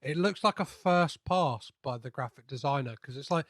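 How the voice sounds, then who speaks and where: Rambling podcast host, higher man's voice. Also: lively intonation, moderate pace, fairly bright tone. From half Greek. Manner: rambling, many fillers and restarts. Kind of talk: casual interview chat.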